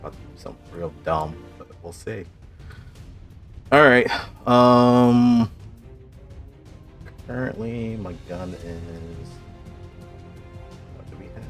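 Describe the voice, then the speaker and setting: A man playing a tabletop game online, thinking aloud deliberately as he plans his moves. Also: fairly low pitch, music in the background. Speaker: player.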